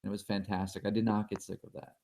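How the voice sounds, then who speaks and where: A man as an interview guest, telling stories in a relaxed, animated way. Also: on the low side, fast talker. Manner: relaxed storyteller, animated when quoting. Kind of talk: casual interview storytelling.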